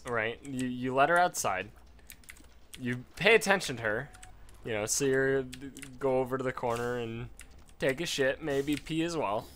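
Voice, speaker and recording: A man's voice: mid-range voice, normal speed, a bit bright, slight background noise. A man giving casual gameplay commentary from home at a desk mic, rambling into a profane story. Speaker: let's play gamer.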